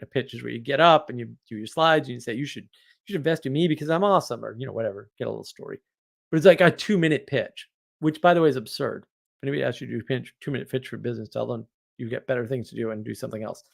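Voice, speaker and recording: A man telling an anecdote in a casual monologue, animated, often laughing and full of fillers and restarts. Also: mid-range voice, creaky. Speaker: host.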